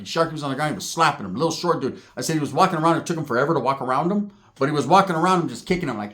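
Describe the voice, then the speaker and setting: A man from Northern California telling a crude story in a profane, animated way, tagging lines with "right?". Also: a little high, very fast, hardly any pauses.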